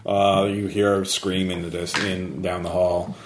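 A man with a low voice runs a tabletop game, narrating scenes in a loose, rambling way full of fillers and restarts. His voice echoes in a roomy space, with a faint hiss behind it. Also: level tone, measured pace. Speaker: game master.

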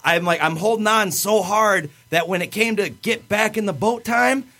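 A man's voice: sits high, moderate pace, sharp tone. A man co-hosting a podcast, telling self-mocking stories in casual chat and swearing freely. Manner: crude joking storyteller, swears freely. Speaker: podcast co-host.

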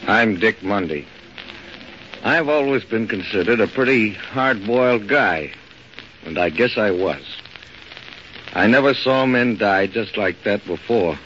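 A shaken hard-boiled soldier. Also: male voice, expressive, fairly bright tone, slight background noise. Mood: subdued. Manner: low, subdued, slow. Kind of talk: 1940s radio drama narration. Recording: muffled old radio recording.

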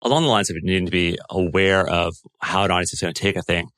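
A man's voice: sits low, fast, fairly bright tone, dry recording. A man co-hosting a podcast in casual chat, thoughtful, working through ideas aloud. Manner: thoughtful, with fillers and restarts. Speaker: podcast co-host.

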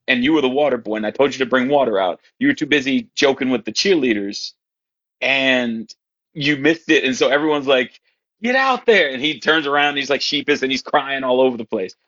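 A man's voice: medium pitch, a bit bright, dull audio. Wry male coach telling stories. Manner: wry anecdotes, acts out voices of players. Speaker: podcast guest, high school football coach. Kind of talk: casual storytelling chat.

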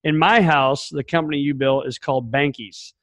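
A man's voice: fairly high pitch, steady tone, normal speed, fairly bright tone, dry recording. A man with a Southern American accent hosting a podcast, chatty and friendly, with lots of "uh" fillers. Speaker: podcast host. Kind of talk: casual interview conversation.

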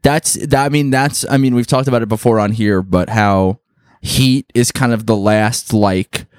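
Mid-pitched man chatting on a podcast. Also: moderate pace, darkish tone, clear, resonant tone, no room sound, studio quality. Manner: rambling, swearing, complaining. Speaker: podcast co-host. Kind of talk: casual chat.

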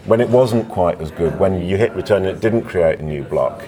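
A man hosting a podcast in casual conversation, chatty, with brisk interjections. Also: deep voice, animated, crowd noise. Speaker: podcast host.

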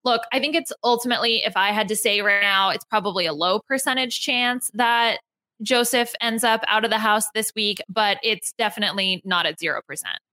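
Brief: female podcast co-host, bright tone, lively and reactive. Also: medium pitch, fairly quick. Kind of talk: casual chat.

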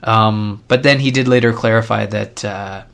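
A man's voice: lowish voice, fairly even intonation, moderate pace, creaky, fairly bright tone. A man co-hosting a gaming podcast, talking casually and rambling a bit as he corrects himself. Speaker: podcast co-host. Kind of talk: casual chat.

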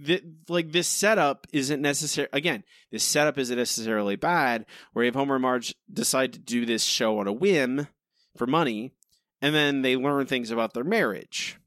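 A man's voice: medium pitch, normal speed, a bit bright, dry recording, clean studio sound. A man co-hosting a podcast, rambling and exasperated, asking why again and again. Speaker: podcast co-host. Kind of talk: casual critical chat.

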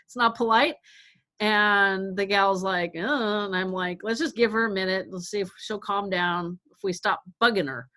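A woman's voice: mid-range voice, a bit bright. A middle-aged woman telling a caregiving story in casual talk, acting out quotes and laughing often. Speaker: guest caregiver.

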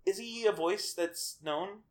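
A podcast co-host in casual chat, playful and joking, jumping between quick tangents. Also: mid-range voice. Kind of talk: casual chat reviewing a cartoon special.

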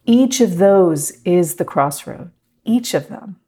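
A middle-aged woman teaching a meditation class, talking gently and reflectively to her students. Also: on the low side, lively intonation, takes it slowly, husky. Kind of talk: guided meditation talk.

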